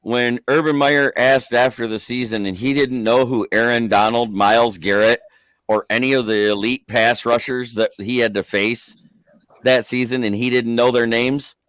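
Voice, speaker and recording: A man's voice: mid-range voice, fairly even intonation, moderate pace, a bit bright, no room sound, low-quality recording. Brief: level-voiced male podcaster, methodical football analysis. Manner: analytical, lays out football reasoning. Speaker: podcast co-host. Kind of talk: casual sports chat.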